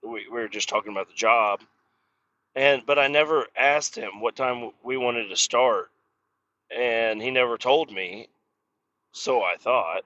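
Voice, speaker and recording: A man's voice: medium pitch, a little slow, sharp tone, lo-fi sound. A man hosting a podcast, griping and swearing casually about his job while driving in his car. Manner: profane, exasperated griping. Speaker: podcast host. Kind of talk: casual solo rant.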